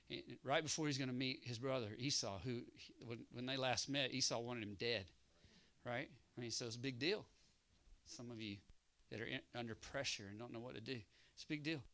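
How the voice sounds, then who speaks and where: A man preaching a sermon who moves from hushed storytelling to loud exhortation and keeps calling for an amen from his congregation. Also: medium pitch. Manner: calls for congregation response.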